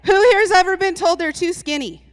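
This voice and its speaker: Woman, high voice, animated stage talk, teasing and laughing, long hall reverb. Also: brisk. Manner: animated, chatty, teasing the audience with frequent laughs. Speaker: speaker at a live event. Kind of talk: comedic motivational talk to a live audience. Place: large hall with an audience.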